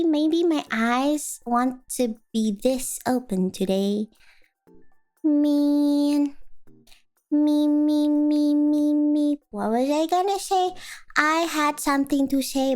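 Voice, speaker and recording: A woman streamer with a high voice, chatting in a slow, drowsy drawl. She rambles playfully to her viewers and slips into goofy sing-song noises. Soft music plays faintly behind her. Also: expressive. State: sleepy. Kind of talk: casual live-stream chat.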